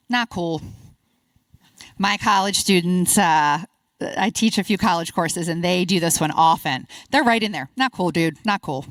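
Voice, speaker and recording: Bright upbeat woman presenter. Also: a little high, no room sound. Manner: upbeat, encouraging, quick to praise. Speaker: conference presenter. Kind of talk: interactive workshop talk.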